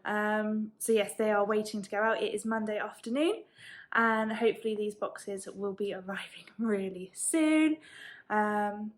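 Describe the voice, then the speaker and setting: A woman talks through a sewing subscription box in a casual, chatty vlog. She speaks quickly and slips in quick apologies. Her pitch sits mid-range. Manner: chatty, fast-talking, apologetic asides.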